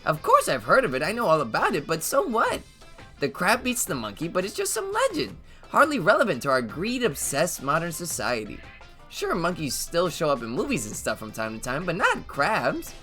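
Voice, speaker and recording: A man's voice: fairly high pitch, huge pitch swings, moderate pace, bright, forceful tone, soft background music, full character voice. Man putting on a smug sing-song robot bear. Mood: mocking.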